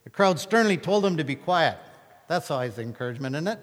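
A man's voice: a little high, brisk. Preacher man in a reverberant hall. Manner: animated storytelling, acting out scripture scenes. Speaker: pastor. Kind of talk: sermon.

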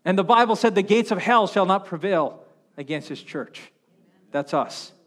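High-voiced impassioned male preacher. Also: lively intonation, moderate pace. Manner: impassioned, swings between loud and hushed. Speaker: pastor. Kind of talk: sermon. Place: church sanctuary. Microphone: wireless handheld mic.

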